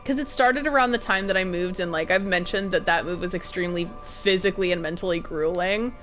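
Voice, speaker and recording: A woman's voice: on the low side, a little fast, fairly bright tone, soft background music. A woman streaming a game, chatting casually and rambling, with jumpy nervous exclamations. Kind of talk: casual gameplay commentary.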